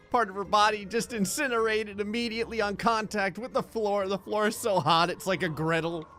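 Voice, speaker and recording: A man's voice: high-pitched, fairly bright tone. A young man giving sarcastic, profane comedic commentary over gameplay. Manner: sarcastic, profane, mock-cruel humor with quick voiced asides. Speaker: gaming commentator. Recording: faint background music under voice.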